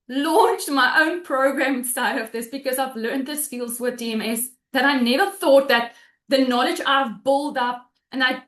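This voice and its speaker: A woman with a high voice shares an emotional testimonial over a video call, her words heartfelt and halting. The room around her sounds echoey and hollow. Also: fairly bright tone. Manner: heartfelt, close to tears, with restarts. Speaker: guest sharing a testimonial. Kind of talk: emotional personal testimonial on a webinar.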